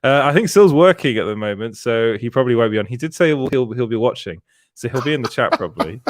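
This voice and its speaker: A man's voice: medium pitch, expressive, fast talker, dry recording, clean studio sound. A man co-hosting a casual live stream, reading out chat comments and laughing often between restarts. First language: French. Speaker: podcast co-host.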